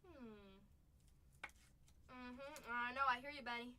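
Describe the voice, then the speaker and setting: A woman hosting a live card break, chatting playfully and muttering asides between excited calls, a little distant from the mic. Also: on the high side, slow pace, slight background noise.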